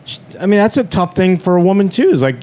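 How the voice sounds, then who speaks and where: A man's voice: high voice, very animated, fast talker, darkish tone. A man co-hosting a podcast in casual chat, playful and jokey and laughing often. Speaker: podcast co-host.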